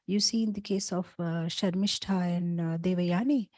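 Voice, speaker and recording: A woman, a spiritual teacher, telling scripture stories in a talk, animated, with frequent "you know" fillers. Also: on the low side, moderate pace, no echo.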